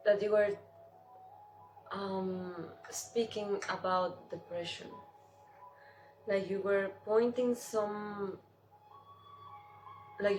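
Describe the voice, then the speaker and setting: Woman, very slow hesitant talk, echoey room, faint noise. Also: mid-range voice, a little mellow. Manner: hesitant, many "like" fillers. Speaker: co-host. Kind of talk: casual conversation.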